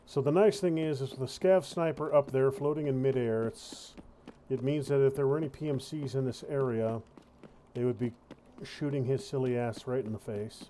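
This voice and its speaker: A man's voice: mid-range voice, fairly even intonation, normal speed, mellow, a little hiss or hum. A man hosting a gaming video, giving casual commentary and wryly muttering to himself as he plays.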